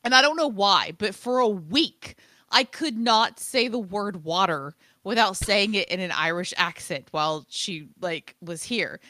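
Bright, animated woman telling stories. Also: medium pitch, a little slow, no echo. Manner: animated and playful storyteller. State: tired from lack of sleep. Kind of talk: casual chat.

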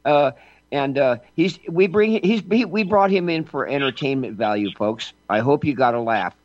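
Emphatic talk radio host. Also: male voice, medium pitch, moderate pace, highs cut off, a little hiss or hum. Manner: emphatic, folksy asides.

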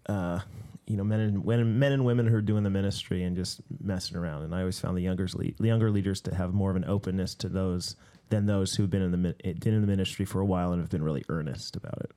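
A man's voice: sits low, fairly even intonation, fast, hardly any pauses, mellow. A man and ministry leader chatting casually with friends, rambling with many restarts and telling stories with laughs. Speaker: ministry leader and podcast co-host. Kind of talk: casual chat.

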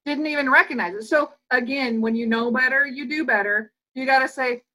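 Bright, animated woman psychologist guest. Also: sits high, poor audio. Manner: animated, fast-flowing explanations that act out quoted voices. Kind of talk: podcast interview.

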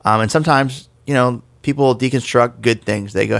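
A man's voice: mid-range voice, steady tone, normal speed, gravelly, no room sound. A man co-hosting a casual podcast discussion about faith, explaining things conversationally with the odd self-deprecating joke. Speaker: podcast co-host.

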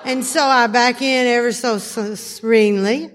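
High-voiced woman telling a story in a hall. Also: normal speed. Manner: animated, laughing storyteller. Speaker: recovery workshop speaker. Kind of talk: storytelling talk to a live audience. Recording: hall reverb, faint noise.

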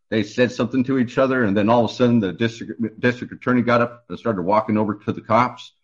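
A man telling his personal testimony as a radio guest, in an earnest, halting way with many restarts. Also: mid-range voice, slightly rough, lo-fi sound.

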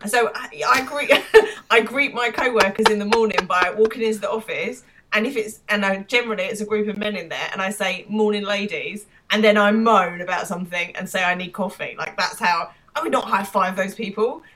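A woman's voice: mid-range voice, brisk, few pauses, fairly bright tone. An English woman in her thirties, co-hosting a podcast with a wry, dry, complaining way of talking. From England. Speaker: podcast co-host. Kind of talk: casual chat.

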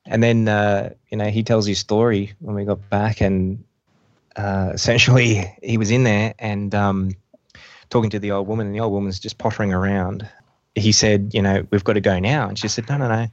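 A man, a helicopter pilot, telling a rescue story in a halting way with many fillers. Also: fairly low pitch, flat delivery, dry recording. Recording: dull lo-fi dry sound.

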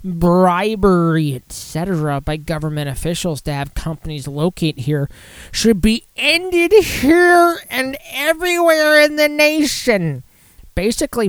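A man's voice: sits high, smooth, dry recording, pitched above the performer's own voice, poor audio. A man putting on a whiny, complaining voice for a grown male online commenter, drawing his words out. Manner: drawn-out, complaining.

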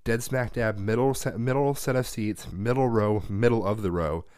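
A man's voice: fairly low pitch, normal speed, darkish tone, no echo, clean studio sound. A man co-hosting a podcast in casual chat, ranting and swearing freely as he tells a story. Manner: profane, ranting. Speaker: podcast co-host.

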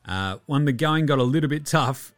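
An Australian man hosting a sports podcast, ranting in a profane, animated, mocking way. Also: medium pitch, normal speed. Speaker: podcast host. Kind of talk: opinionated sports podcast rant.

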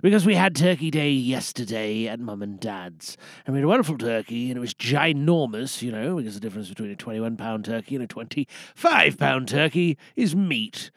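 A man's voice: mid-range voice, expressive, brisk, no room sound, clean studio sound. A man from Canada hosting an audio game show in a chatty, rambling way that often trails off. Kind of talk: casual podcast hosting.

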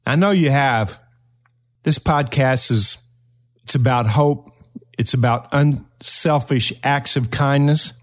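An older man from eastern Kentucky, hosting his own podcast and telling a personal story in an earnest, motivational way with slow, emphatic phrases. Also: medium pitch. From eastern Kentucky, Appalachia. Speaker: podcast host.

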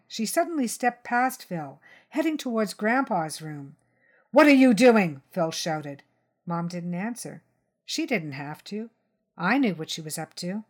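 Woman narrating a tense crime story. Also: mid-range voice. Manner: tense, steady first-person narration. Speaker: story reader. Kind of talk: dramatic short-story reading.

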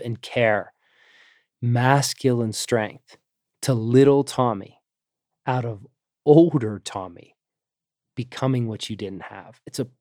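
Man, interview host, earnest, measured, middle pitch, dry close sound. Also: a little mellow, dry recording. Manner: measured, earnest summarizing with long lists. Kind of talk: reflective interview talk.

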